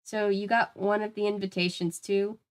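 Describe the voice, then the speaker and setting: A woman's voice: mid-range voice, level tone, normal speed, clean tone, lightly acted. A woman reading aloud voices a nervous, blunt teenage girl.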